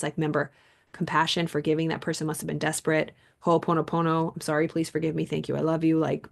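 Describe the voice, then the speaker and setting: A woman coach reading aloud from a self-help book and talking it through with personal stories in a casual, animated way. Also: on the low side, gravelly.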